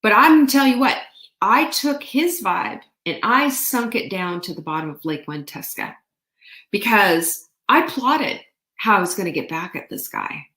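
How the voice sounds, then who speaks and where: A woman hosting her show, telling a story in a casual, animated way. She talks in a playful, chatty tone at a middle pitch. The sound has a roomy echo. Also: normal speed. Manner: chatty, animated, laughs often, playful asides. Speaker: show host.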